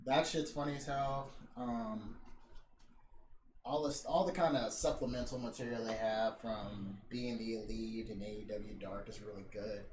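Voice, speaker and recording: A man on a casual podcast, retelling wrestling stories with loud swearing and laughter. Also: fairly low pitch, measured pace. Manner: animated storytelling with swearing and laughter. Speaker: podcast host. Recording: roomy, distant, noisy home recording.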